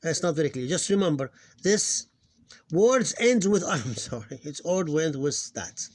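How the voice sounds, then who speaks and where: A middle-aged man teaches in a fairly high voice. He talks casually and haltingly, often restarting his words and slowing down to spell out sounds. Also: expressive. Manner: hesitant, repeats words, slows to sound out syllables. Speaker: Arabic teacher. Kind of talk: casual recorded lesson.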